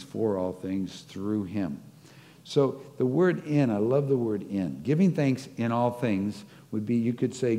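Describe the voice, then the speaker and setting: A man's voice: medium pitch, dark tone. A man preaching a sermon, reflecting on scripture and acting out short stories as he teaches. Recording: long hall reverb.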